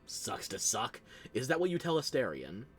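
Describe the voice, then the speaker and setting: A male game streamer with a mid-pitched voice that swings up and down a lot as he jokes with his chat. He rambles playfully and pokes fun at himself, close on a desk mic. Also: huge pitch swings, moderate pace, breathy edge, soft background music. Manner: playful, self-deprecating, chatty with viewers. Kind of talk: casual live-stream chat while playing. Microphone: close desk microphone.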